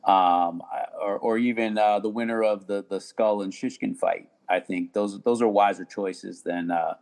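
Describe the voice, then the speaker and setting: Male podcast guest, low and gravelly, easygoing and rambling. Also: unhurried. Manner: relaxed, many fillers and repeats. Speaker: podcast guest, sports attorney. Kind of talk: casual podcast chat.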